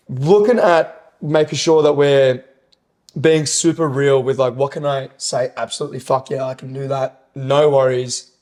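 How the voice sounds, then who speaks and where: A man's voice: mid-range voice, a little mellow. Enthusiastic rambling man. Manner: enthusiastic, rambling, swearing, quoting sayings. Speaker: podcast co-host and personal trainer. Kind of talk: casual podcast chat.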